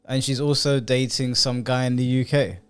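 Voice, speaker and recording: A young man co-hosts a casual podcast, his voice sitting at a middle pitch. He reacts bluntly, with a dry and mocking edge. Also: fairly even intonation, normal speed, clear, resonant tone. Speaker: podcast co-host.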